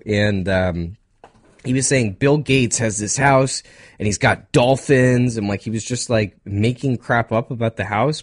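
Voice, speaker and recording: A young man co-hosting a casual podcast, rambling through topics with quick asides, laughs and a slightly nasal voice. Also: medium pitch, dry recording, clean studio sound. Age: young adult. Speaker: podcast co-host. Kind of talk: casual chat.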